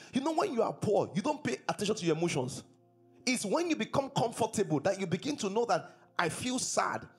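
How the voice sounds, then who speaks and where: A man's voice: high-pitched, slightly rough. A man preaching a sermon as pastor, repeating his points and asking the congregation questions. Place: church service.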